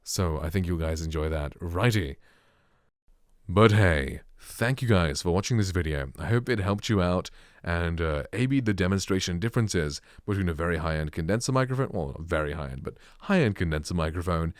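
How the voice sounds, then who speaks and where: A British man with a dark, bassy voice reviewing microphones in a casual vlog, rambling with lots of "like" and fillers. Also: lively intonation, normal speed, dry recording, studio quality. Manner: rambling, filler-heavy, full of "like". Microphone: close studio microphone.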